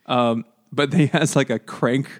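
A man co-hosting a casual comedy book podcast, laughing often and acting out the characters in quick put-on voices. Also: medium pitch, fairly even intonation. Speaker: podcast co-host.

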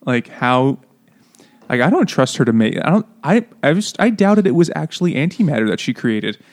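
A man's voice: on the high side, sing-song. Laughing, mocking man on a podcast. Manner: laughing, mocking, does quick silly voices for quotes. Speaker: podcast co-host. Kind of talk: casual chat.

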